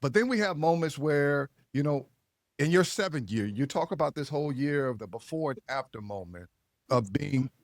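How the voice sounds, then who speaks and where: A man's voice: on the high side, lively intonation, moderate pace, no room sound, studio quality. A man hosting an interview podcast, reflecting on the guest's stories and affirming them, with occasional laughs. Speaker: podcast host. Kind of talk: interview talk.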